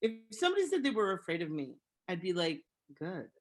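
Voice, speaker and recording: A woman's voice: medium pitch, very animated, fast talker. A woman co-hosting a casual podcast recap, delivering dry, sarcastic quips. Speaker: podcast co-host.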